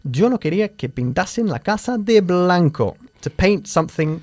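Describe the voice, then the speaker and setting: A male teacher running quick drills with a lively, up-and-down voice, pitched a little high for a man. He corrects and repeats with animated emphasis, recorded close and dry in a studio. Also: no echo. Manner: animated, emphatic, switching between English and Spanish. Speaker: English teacher. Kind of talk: bilingual English lesson drills.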